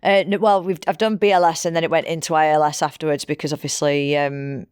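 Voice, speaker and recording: A woman's voice: sits low, flat delivery, fast talker, darkish tone, smooth, no room sound, clean studio sound. A woman, co-hosting a podcast in a giggly, chatty way and wrapping up the episode. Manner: giggly, chatty, signs off the show. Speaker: podcast co-host. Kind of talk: casual chat.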